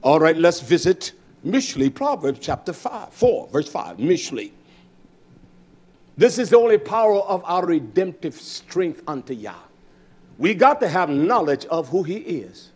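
A male preacher with a high voice that leaps all over the place as he delivers his sermon. He talks emphatically, rising into loud bursts and then dropping to low murmurs. He keeps turning to his congregation with direct questions. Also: very animated, unhurried, husky.

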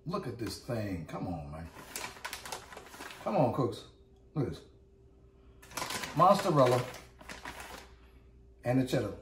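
A man's voice: mid-range voice, huge pitch swings, takes it slowly, pauses often, roomy sound, far from the mic, background noise. A man hosting a casual cooking demo, hyped and repetitive, calling out to his viewers as he works. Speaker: cooking channel host. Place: home kitchen.

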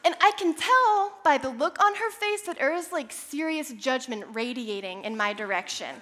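A young woman preaching a sermon, telling a personal story with animated, self-deprecating humor. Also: sits high, moderate pace. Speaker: church speaker.

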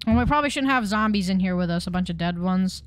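A woman chatting through a game, excitable and tripping over her words. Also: mid-range voice, fast, clean tone. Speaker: gamer. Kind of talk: casual game commentary.

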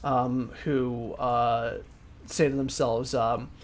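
A man's voice: medium pitch, level tone, extremely slow. A man running a tabletop role-playing game as game master, describing scenes in a rambling way with many fillers. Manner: rambling, many ums and likes.

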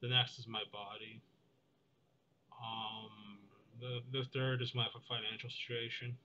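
A young man talking in a meandering, deadpan vlog monologue, full of fillers and restarts. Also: medium pitch, a little slow, lo-fi sound, a little hiss or hum. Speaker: vlogger. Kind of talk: rambling monologue.

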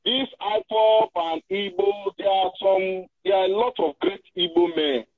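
A man's voice: high-pitched, steady tone, moderate pace. A man from Nigeria, hosting a heated opinion talk show in an indignant, repetitive, rambling way. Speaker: host. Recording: tinny phone line.

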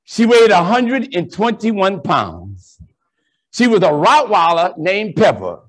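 A man who is a Catholic priest, giving a joking, animated storytelling talk to an audience of educators. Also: high voice, slow pace. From New Orleans. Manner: animated, joking, plays to the crowd.

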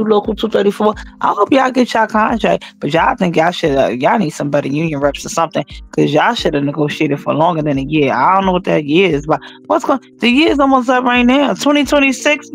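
A woman hosting a casual news commentary vlog, talking straight to her viewers in an animated, emphatic, slangy way. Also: mid-range voice, vocal fry. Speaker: channel host and news commentator.

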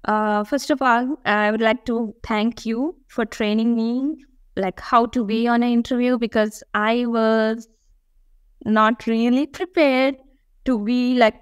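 A woman's voice: on the high side, steady tone, slow pace, smooth, no echo, lo-fi sound. A woman guest in a conversational interview, speaking earnestly and reflectively, with frequent fillers. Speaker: guest, dental school applicant.

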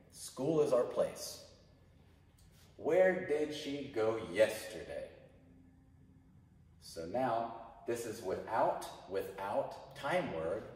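A male English teacher giving a grammar lesson to a class, speaking slowly and repeating phrases for students to say after him. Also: fairly low pitch, darkish tone. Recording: echoey hall, mic far off.

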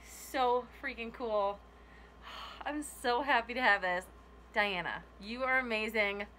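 A woman chats through an unboxing vlog with a bright, forceful voice, bursting into giggles and gasps as she gushes. Her voice sits a little high. A faint hiss of noise lies beneath it. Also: slow. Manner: giggly and gushing, frequent laughs and gasps. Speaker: YouTuber opening a gift box.

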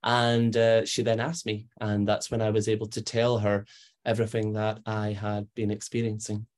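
A man's voice: on the low side, normal speed. A Scottish man, guest on an interview, telling personal stories in a chatty way, acting out the voices of people he quotes and using many fillers. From Scotland. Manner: animated, acts out quoted voices, frequent fillers. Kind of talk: conversational storytelling.

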